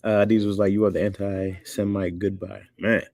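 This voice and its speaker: A man's voice: low-pitched, flat delivery, moderate pace, darkish tone, no echo, studio quality. A man hosting a livestream, joking loosely, laughing often and reading chat comments aloud.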